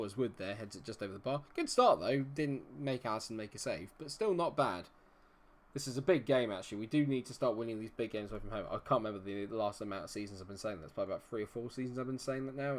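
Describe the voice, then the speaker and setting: A young man from Dorset with a Dorset English accent, commentating a live football game stream in a chatty, self-deprecating way, humming and muttering to himself between plays. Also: medium pitch. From England, Dorset. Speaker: gaming streamer.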